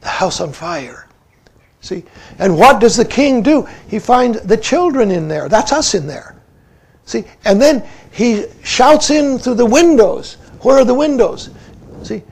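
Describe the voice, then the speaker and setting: A man's voice: very high voice, big pitch swings, slow, creaky, a little mellow. A man in his seventies giving a Zen dharma talk, tossing in "see" constantly and asking his listeners questions. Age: 70s. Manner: peppers speech with "see", asks listeners questions. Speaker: Zen teacher.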